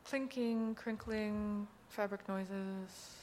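A woman's voice: medium pitch, steady tone, drawn-out words, a little mellow. Hesitant woman host, faint noise. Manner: hesitant, filler-heavy, thoughtful. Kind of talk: casual interview chat.

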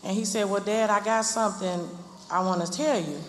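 A woman, a mother, softly and earnestly recounting memories of her son. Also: mid-range voice, fairly even intonation, fairly quick. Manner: soft, earnest storytelling. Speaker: grieving mother. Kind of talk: personal testimony. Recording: echoey hall with loud noise.

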